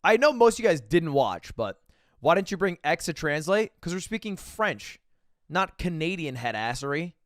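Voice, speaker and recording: A young man hosting a livestream, chatting casually with viewers, animated, jokey and swearing freely. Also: on the high side, normal speed, no room sound, studio quality. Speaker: livestream host.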